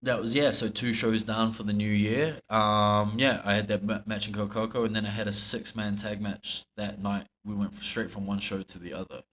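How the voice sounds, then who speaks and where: A man with a New Zealand accent co-hosting a podcast. He chats in a relaxed way, with easy laughter. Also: fairly low pitch, moderate pace, few pauses, a little hiss or hum. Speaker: podcast co-host, pro wrestler. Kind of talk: casual podcast chat. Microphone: podcast microphone.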